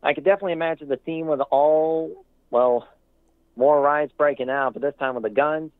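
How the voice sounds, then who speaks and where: A man's voice: fairly high pitch, normal speed, dry recording. A male caller rambles through his opinions with false starts and emphatic warnings. He comes through a thin, phone-like line with no room sound at all. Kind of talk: casual call-in commentary.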